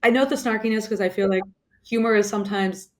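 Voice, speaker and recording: A woman's voice: mid-range voice, fast. A woman guest in a casual interview, chatty, with many fillers and frequent laughs. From born in the US, grew up mainly in the UK.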